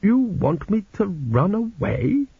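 A man's voice: high voice, sing-song, slightly rough, no echo, voice pushed up, heavily acted. A man playing a prim, self-righteous middle-aged prisoner. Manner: slow, virtuous and prim. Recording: dull lo-fi audiobook recording.

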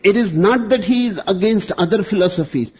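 A man giving a slow, deliberate spiritual discourse, pausing often. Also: high-pitched, slightly rough. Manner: slow, deliberate, with long pauses. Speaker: spiritual teacher. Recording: dull lo-fi recording.

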